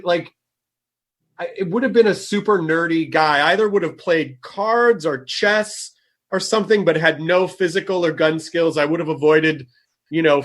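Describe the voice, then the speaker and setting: A male podcast host who chats in a playful, joking way. His voice sits high for a man and bounces through a wide melodic range. He sounds animated rather than flat. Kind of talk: casual chat.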